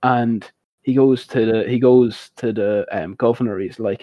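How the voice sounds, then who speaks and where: A young Irish man chatting casually, telling an animated story and laughing often. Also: medium pitch, measured pace, no echo. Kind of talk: casual chat. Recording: dull dry recording.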